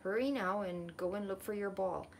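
A woman's voice: mid-range voice, normal speed, a little hiss or hum, close to an everyday voice. A woman voicing a fussy, scolding red currant girl in a storybook reading.

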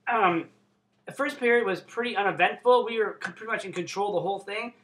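A young man from Canada vlogging casually, excitable and swearing constantly. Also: high-pitched, a little fast. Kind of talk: casual unboxing vlog.

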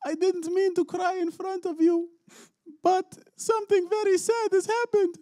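A man voicing a tearful little boy, with a high wailing, sobbing voice. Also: steady tone, unhurried, dark tone, no room sound.

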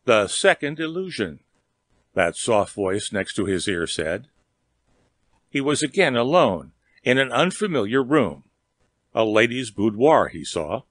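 A man reading a story aloud in a steady, measured storytelling manner. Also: on the low side, dry recording. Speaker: narrator. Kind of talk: audiobook reading.

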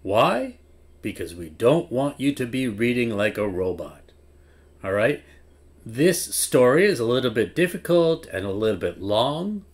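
A man teaching English who reads a children's story aloud with lively, exaggerated rises and falls. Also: medium pitch, measured pace. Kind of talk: expressive story reading for learners.

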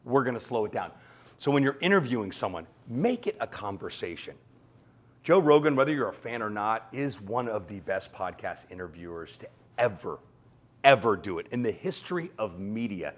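Man in a mid range, upbeat teaching talk, brisk and animated. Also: medium pitch. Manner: fast, animated, acts out quoted exchanges. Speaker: podcast coach. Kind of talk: energetic talk to an audience.

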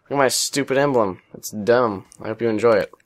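A man's voice: medium pitch, a little fast. A young man giving casual gameplay commentary over a headset, rambling, self-deprecating and swearing often. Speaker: gaming commentator.

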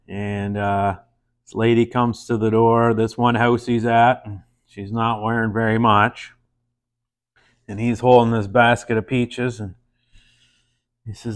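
Slow, laid-back man telling a joke. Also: fairly low pitch, little pitch movement, smooth. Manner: laid-back with frequent fillers and puns. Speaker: host of a beer-tasting joke show. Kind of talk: casual beer tasting and joke telling.

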